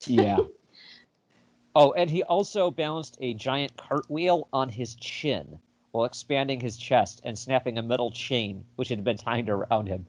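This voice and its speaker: A man's voice: medium pitch, unhurried, darkish tone, dry recording. A man co-hosting a casual book podcast in a playful, joking manner. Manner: playful, jokey, laughs often. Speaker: podcast co-host.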